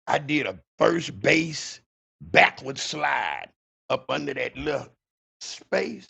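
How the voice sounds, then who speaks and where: A man hosting a podcast, telling a story in an animated, profane way and talking to his listeners directly. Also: medium pitch, takes it slowly, vocal fry, breathy edge. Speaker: podcast host. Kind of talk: dramatic storytelling.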